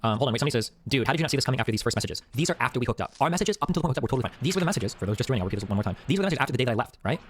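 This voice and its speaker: Fast-talking male streamer, rambling. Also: medium pitch, expressive. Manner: rambling, profane, repeats "okay?". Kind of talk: casual live-stream monologue.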